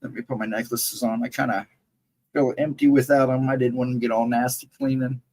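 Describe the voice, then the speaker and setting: Hoarse man chatting casually on a livestream. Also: medium pitch, little pitch movement, fairly quick, mellow, poor audio. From central Ohio, United States. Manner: rambling, chatty, greets viewers by name. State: voice cracking, fighting laryngitis. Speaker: livestream co-host.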